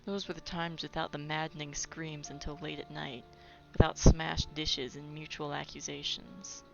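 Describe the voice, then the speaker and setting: In a low, gravelly voice with flat delivery at a moderate pace, a woman doing a let's play reads the game's text aloud. She adds casual, playful commentary now and then, over a dull recording with game music.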